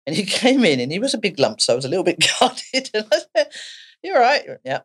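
Woman, Essex accent, therapist guest, animated storytelling, very expressive pitch, frequent laughs. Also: fast talker, breathy edge. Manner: animated storyteller, laughs often, acts out voices. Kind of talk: podcast conversation.

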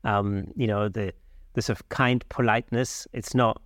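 A man's voice: on the low side, moderate pace, dry recording, studio quality. A man from Germany, hosting a podcast with a friendly, upbeat manner. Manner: lively, friendly, upbeat sign-off. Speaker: podcast host. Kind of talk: podcast conversation and outro.

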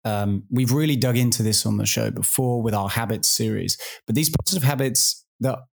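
A man's voice: mid-range voice, a little fast, gravelly, breathy edge. A man hosting a podcast, talking things through in a reflective, casual way. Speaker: podcast host. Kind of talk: casual discussion.

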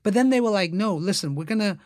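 A man's voice: fast talker, no echo, studio quality. A man, an actor and TV writer, telling stories as a guest in a casual interview, acting out the voices of other people. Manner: animated, acts out quoted voices with big jumps in pitch.

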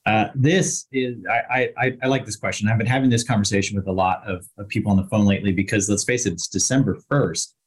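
A man's voice: fairly low pitch, steady tone, quick pace, husky. An older man speaking as a panel guest, giving folksy, practical advice in a casual discussion. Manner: folksy, uses plain metaphors.

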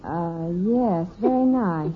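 An actress playing a calm, gently amused mother in a radio sitcom. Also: on the low side, takes it slowly, slight background noise. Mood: dry. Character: patient, gently wry mother Margaret. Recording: muffled old 1950s radio broadcast.

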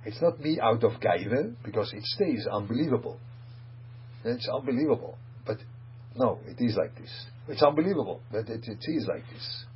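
A man's voice: medium pitch, lively intonation, normal speed. A man teaching a Torah lecture, emphatic, asking rhetorical questions and mixing in Hebrew and Yiddish phrases. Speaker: rabbi teaching. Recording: dull hum-laden recording.

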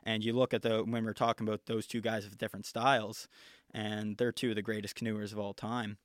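Young canadian guy on a podcast, kinda flat voice, lots of ums and restarts, dry close mic. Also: fairly low pitch, brisk, no room sound. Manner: storytelling, many fillers and restarts. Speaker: podcast guest, national team canoeist. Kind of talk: casual interview chat.

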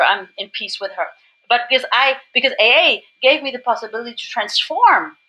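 A middle-aged woman from Germany, speaking English as a second language, shares her recovery story on a podcast. She is animated and enthusiastic. Her voice sits high and sounds bright and forceful. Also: rough recording. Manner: enthusiastic and animated, rocking and gesturing. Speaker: podcast guest.

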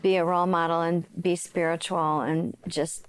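Brief: woman host, casual interview, encouraging and warm, dry close sound. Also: fairly low pitch, little pitch movement, normal speed, smooth, dry recording.

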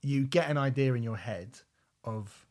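A man's voice: mid-range voice, measured pace, a little mellow. A man co-hosting a music podcast, rambling and searching for words, swearing casually. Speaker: podcast co-host. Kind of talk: casual chat about music albums.

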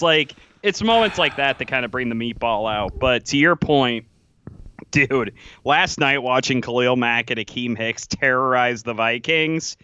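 Bright crisp man, slightly muffled. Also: mid-range voice. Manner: laughing, self-mocking, quick mimicry. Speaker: podcast co-host. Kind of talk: casual sports chat.

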